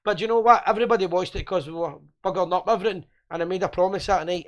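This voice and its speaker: A man's voice: sits high, racing, few pauses. A Scottish man hosting a casual live show, joking and rambling in boisterous banter. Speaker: host.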